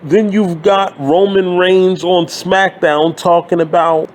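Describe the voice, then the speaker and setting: Guy in his 30s ranting, high voice, slow and blunt, swears a lot, sarcastic. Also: fairly even intonation, a little hiss or hum. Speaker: wrestling commentary YouTuber. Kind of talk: profane ranting monologue.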